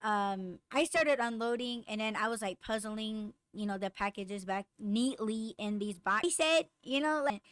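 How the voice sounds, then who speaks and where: A woman's voice: mid-range voice, normal speed, hardly any pauses, clear, resonant tone, no room sound. A young adult woman hosting a podcast, telling a heated work story in casual chat, full of swearing, fillers and quoted dialogue. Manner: profane, animated, lots of fillers and quoted dialogue. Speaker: podcast host.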